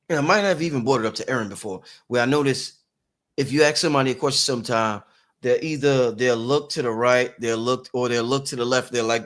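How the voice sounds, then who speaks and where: A man hosting a casual livestream interview, animated and exclaiming, reading out viewer questions. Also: medium pitch. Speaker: livestream host.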